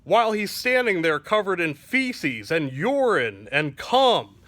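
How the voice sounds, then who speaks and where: Bright-voiced rambling male comedian. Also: sits high, big pitch swings, slow, dry recording. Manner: rambling, filler-heavy, crude.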